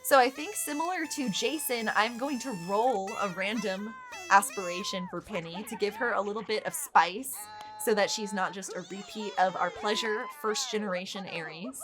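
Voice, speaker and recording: A woman's voice: medium pitch, normal speed, music in the background. A woman hosting casual gameplay commentary, exasperated, swearing freely and laughing often. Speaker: gaming channel host.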